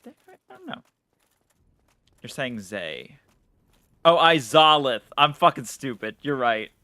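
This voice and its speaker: A man's voice: medium pitch, lively intonation, unhurried, pushed and bright, dry recording. A man streaming a game live, chatting casually in a rambling way, swearing and laughing at himself. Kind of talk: casual live-stream chat while gaming.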